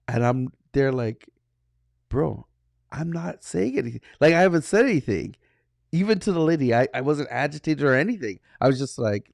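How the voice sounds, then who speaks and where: A man co-hosting a podcast, telling a personal story in a casual way and acting out the dialogue with animated energy. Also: medium pitch, normal speed, creaky, dry recording, clean studio sound. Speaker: podcast co-host.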